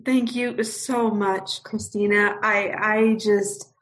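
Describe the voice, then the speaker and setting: A woman's voice: medium pitch, fairly even intonation, slow, fairly bright tone. A woman interviewing a guest on a podcast, effusive and affirming in her praise. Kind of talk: warm supportive interview.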